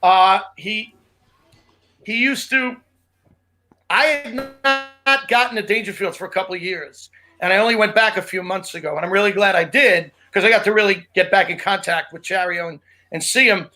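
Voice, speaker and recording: A comedian co-hosting a relaxed podcast, his voice high-pitched and bright. He rambles through his stories with restarts and asides. The talk is casual and chatty. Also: normal speed, faint music behind. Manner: loose, rambling storyteller with restarts. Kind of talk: casual chat.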